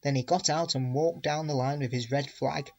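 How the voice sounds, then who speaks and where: A man's voice: fairly high pitch, steady tone, normal speed. Man reading a children's story. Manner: clear, gentle storytelling. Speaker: reader.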